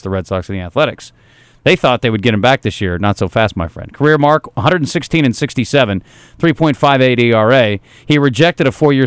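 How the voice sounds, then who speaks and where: Man, sports radio host, quick pace, dry studio, teasing, sarcastic. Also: mid-range voice, smooth, dry recording. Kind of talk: sports talk radio chat and live ad read.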